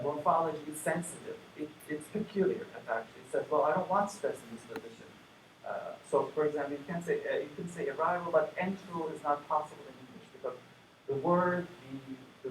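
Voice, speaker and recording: A man giving an academic conference lecture, explaining in a relaxed, conversational way with dry asides. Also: on the high side. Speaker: conference plenary speaker. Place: lecture room. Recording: echoey room from far off, faint hum.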